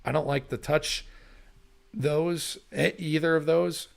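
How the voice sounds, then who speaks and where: Gravelly-voiced man talking through charts. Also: on the high side, steady tone, takes it slowly. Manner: chatty, thinks aloud, self-correcting. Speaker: livestream market analyst. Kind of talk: casual livestream chart commentary.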